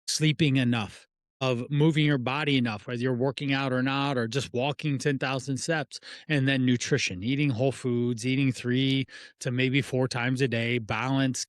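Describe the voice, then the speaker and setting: In clean, echo-free studio sound, the fitness and nutrition coach speaks at a moderate pace with a steady, medium-pitched voice. The middle-aged man's casual podcast talk rambles, restarts phrases, and relies on analogies and rhetorical questions.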